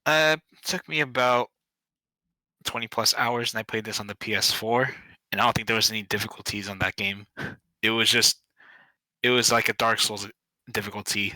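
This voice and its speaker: Lowish male guest, very bright edge, halting casual answers, dry sound. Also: steady tone, no room sound, poor audio. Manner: hesitant, fillers, stops to correct himself. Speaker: panel guest. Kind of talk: casual group discussion.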